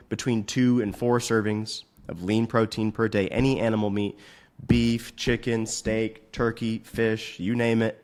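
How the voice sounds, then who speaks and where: A man hosting a fitness podcast, giving blunt, profane advice in a casual way and venting at his software. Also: mid-range voice. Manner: profane, frustrated rants; blunt, rapid instructions. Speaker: fitness coach and podcast host.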